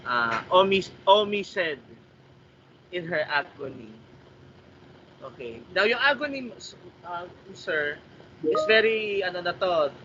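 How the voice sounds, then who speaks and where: A man's voice: sits high, expressive, bright, forceful tone. A man with a Filipino accent, a writing workshop trainer giving polite feedback over a video call, switching between English and Tagalog. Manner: polite, mixes English and Tagalog, reads sentences aloud slowly. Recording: slightly muffled call audio with faint noise.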